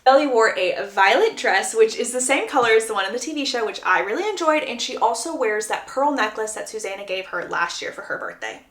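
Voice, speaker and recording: A woman recapping a book in a casual, chatty vlog, telling the story in an animated, gossipy way. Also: on the high side, fairly quick, few pauses, reverberant.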